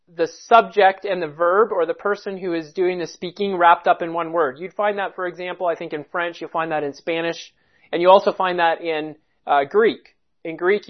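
A Bible teacher works through a passage at a deliberate pace, stressing each important word. The voice sits at a middle pitch, and the recording sounds dull and lo-fi. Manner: deliberate, explanatory, stresses key words.

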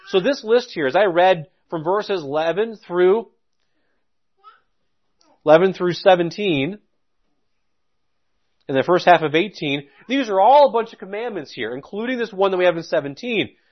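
A man delivering a sermon in a somewhat high voice. He reads scripture at a deliberate pace, then shifts into plain, conversational teaching, sometimes restarting his phrases. The recording sounds dull and lo-fi. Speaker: preacher.

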